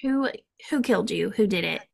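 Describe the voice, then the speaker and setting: A woman's voice: medium pitch, expressive, moderate pace, vocal fry. A woman in her thirties with a Southern country accent, chatting playfully and laughing often as co-host. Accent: American Southern country. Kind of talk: casual chat.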